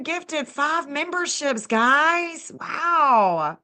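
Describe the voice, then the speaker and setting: A woman's voice: sits high, very animated, very slow, hardly any pauses, bright, forceful tone. A woman hosting a casual livestream, gushing over viewers and thanking them by name. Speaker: livestream host and astrologer.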